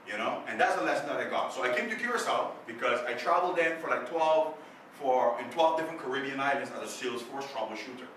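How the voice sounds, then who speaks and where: A man's voice: medium pitch, fast. A man giving a motivational talk to a club, telling a story and acting out the voices in it. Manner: animated storyteller, acts out quoted voices. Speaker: guest speaker. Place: club meeting room. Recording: echoey room, distant mic, faint noise.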